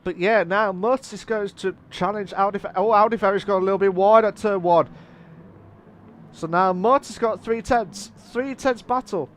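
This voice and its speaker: A man with a high-pitched voice calls a sim race live, excitable and rambling, catching and correcting his own slips as he goes. Faint engine noise runs underneath. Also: moderate pace. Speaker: race commentator. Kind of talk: live sim racing commentary.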